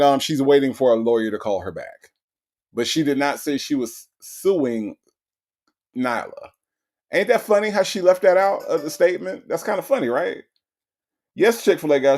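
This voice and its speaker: A man with a somewhat high-pitched voice gives loose, casual commentary. He sounds wry and sarcastic, teasing the people on the calls as he goes. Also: animated, moderate pace, a little mellow. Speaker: commentary host.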